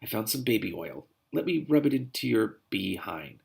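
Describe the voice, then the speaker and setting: Low, gravelly man reading aloud with sarcastic asides. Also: sing-song, moderate pace. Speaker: reader and commentator. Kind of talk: reading a novel aloud with commentary.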